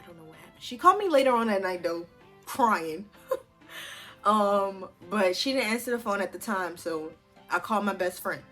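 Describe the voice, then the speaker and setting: A young woman tells a story to her viewers in a loose, animated, chatty way, swearing casually as she goes. Her voice sits at a middle pitch. Faint music plays softly underneath her. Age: 20s. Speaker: vlogger.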